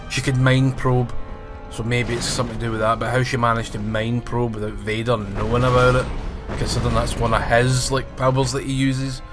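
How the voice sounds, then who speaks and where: A man's voice: mid-range voice, level tone, brisk, over music. Sweary sarcastic Scottish man ranting. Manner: sarcastic, profane, mocks with quoted voices. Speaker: film and TV reviewer.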